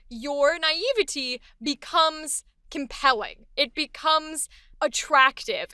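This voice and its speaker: Woman voice actor gushing about a character, high bright voice, super dry mic. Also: dry recording. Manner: enthusiastic, playful, acts out quick snippets. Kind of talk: casual character-voice breakdown.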